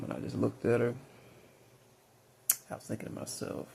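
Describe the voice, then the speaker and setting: A man's voice: medium pitch, monotone, normal speed, creaky, pauses often, dark tone, slight background noise. A man from Mississippi, telling rambling personal stories full of fillers and restarts. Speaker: vlogger.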